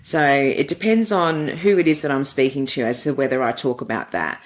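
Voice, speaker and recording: A woman's voice: very deep voice, moderate pace. A middle-aged woman, a podcast guest and dating coach, answering interview questions with earnest, flowing storytelling.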